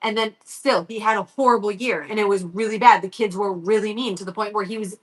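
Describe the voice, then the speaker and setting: A woman's voice: mid-range voice, fairly even intonation, a little fast. A woman in her thirties hosting a livestream, telling a story in a blunt, worked-up rant full of swearing. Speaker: livestream host.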